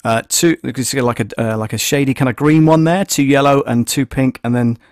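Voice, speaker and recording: A male audio producer hosts a casual tutorial stream, narrating each step as he goes. He thinks aloud with frequent fillers and restarts. His voice sits in an ordinary middle pitch and is recorded dry, with almost no room echo. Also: fairly quick.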